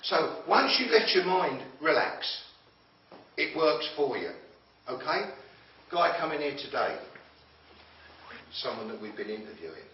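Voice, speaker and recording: A man's voice: a little high, very animated, a little slow, a little hiss or hum. Blunt man lecturing in an echoey room. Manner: blunt, challenging, pokes at the audience with questions. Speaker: motivational speaker. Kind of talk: confrontational talk to a group. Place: room with a group listening. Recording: echoey room, far from mic, dull lo-fi.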